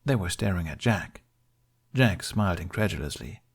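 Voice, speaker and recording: Male audiobook narrator, low voice, steady and emotional delivery. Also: moderate pace, husky. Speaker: fan fiction narrator.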